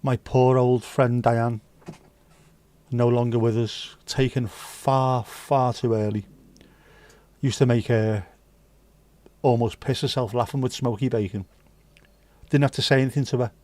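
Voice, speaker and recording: A British man hosts a relaxed livestream, chatting and cracking jokes as he reads out viewer comments. His voice sits at an ordinary pitch. The sound is close and dry, with no room echo. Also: unhurried, pauses often. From United Kingdom. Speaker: livestream host. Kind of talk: casual livestream chat.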